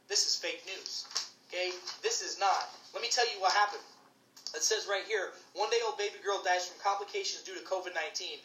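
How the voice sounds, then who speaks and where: A fired-up woman doctor rants through heated commentary, hammering her points with emphatic repetition. Her voice is bright and forceful. The room around her rings with a noticeable echo. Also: fairly high pitch. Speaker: physician commentator. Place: St. Louis area.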